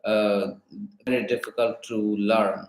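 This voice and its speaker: A man's voice: fairly low pitch, little pitch movement, slow pace, echoey room. A man talking as a student, hesitant and full of fillers, asking the tutor for more practice. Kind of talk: halting spoken requests.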